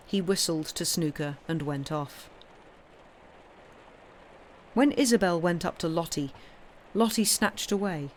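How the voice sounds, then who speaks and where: A woman reading a short story aloud on a livestream, in an expressive, measured way. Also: fairly low pitch, slight background noise. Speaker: story reader.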